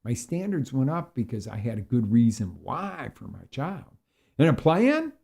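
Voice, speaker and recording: Middle-aged male life coach, gravelly, lively swings in pitch, casual motivational live talk. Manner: animated, jokey, acts out quick voices. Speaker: small business and health coach.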